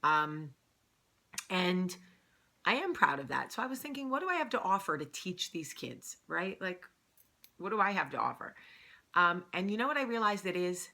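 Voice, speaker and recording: A woman's voice: on the low side, big pitch swings, moderate pace, gravelly, sharp tone. A woman with a New Jersey accent hosting a casual morning vlog, chatty and rambling, laughing at herself often. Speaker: vlog host. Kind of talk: casual morning chat to camera.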